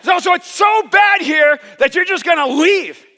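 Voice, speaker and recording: A man's voice: very high voice, unhurried, long reverb tail, voice pushed up, heavily acted. A man acting out an angry mother scolding her stubborn young son during a sermon. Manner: sharp, scolding.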